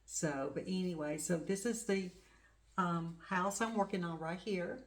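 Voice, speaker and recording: A middle-aged woman with a fairly low voice talks in a loose, chatty way. She rambles and gushes over small things, like a craft channel host showing off her work. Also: measured pace. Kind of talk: casual show-and-tell chat.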